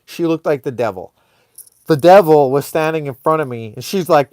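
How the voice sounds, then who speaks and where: A man hosting a live online show, telling a comic story casually in a rambling, animated way full of fillers. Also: fairly high pitch, moderate pace, no room sound, studio quality.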